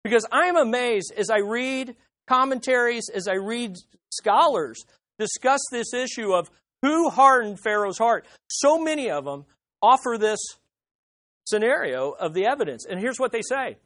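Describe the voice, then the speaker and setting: A woman preaching a sermon in an emphatic way, moving between loud stresses and hushed asides. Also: a little high, expressive, unhurried, no echo.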